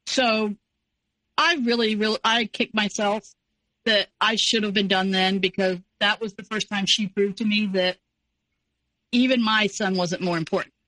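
A woman in her forties, an interview guest telling a personal story in a casual, animated way. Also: medium pitch, dry recording, rough recording. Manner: animated, acts out quoted voices.

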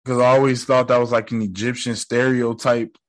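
A man's voice: mid-range voice, level tone, a little fast, dry recording. A young man giving a casual, joking recap of a show episode, full of slang and profanity.

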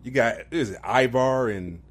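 A man co-hosting a casual wrestling podcast, lively and quick to mimic voices, dropping "man" and "bro". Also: mid-range voice. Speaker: podcast co-host.

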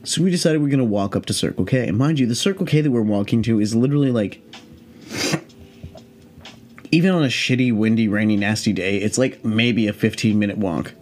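A man in his late twenties with a fairly low voice tells a story on his podcast. His telling is loose and rambling, full of swearing and lively asides. It sounds like an unscripted, off-the-cuff chat. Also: fast talker, few pauses. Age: late 20s. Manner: rambling, profane, animated. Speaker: podcast host. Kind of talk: casual storytelling.

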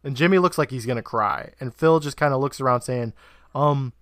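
A man's voice: mid-range voice, fast talker, fairly bright tone, no room sound, studio quality. A man co-hosting a podcast, recapping a TV episode beat by beat and laughing along. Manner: narrates plot beats, laughs often. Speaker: podcast co-host.

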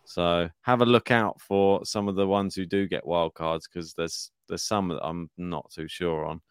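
Man, very deep voice, gravelly, casual podcast co-host, thinking aloud, laughs a lot. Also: steady tone, measured pace, dry recording, clean studio sound. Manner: chatty, laughs often, thinks aloud while picking. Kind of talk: casual tennis draw chat.

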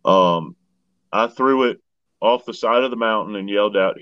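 A man's voice: fairly low pitch, normal speed, a bit bright, no echo, muffled recording. A plain-spoken man, telling his story as a guest. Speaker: guest researcher. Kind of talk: casual storytelling.

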